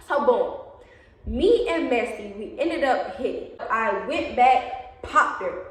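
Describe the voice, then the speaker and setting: Young woman vlogger, animated storytelling; higher voice, recorded far off in a very echoey room. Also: unhurried. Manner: animated, chatty, addresses viewers as y'all, acts out quotes. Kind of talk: casual storytime.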